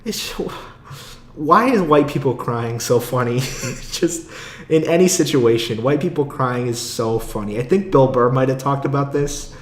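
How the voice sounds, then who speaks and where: A man's voice: mid-range voice, normal speed, reverberant. A young man hosting a casual solo podcast, rambling, swearing freely and laughing often. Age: young adult. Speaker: podcast host. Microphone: own podcast mic.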